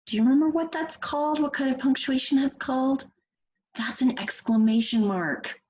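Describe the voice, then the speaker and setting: A teacher with a voice that sits high reads a picture book to first graders at normal speed, asking encouraging questions and reading expressively. The highs are cut off and there is a little hiss or hum.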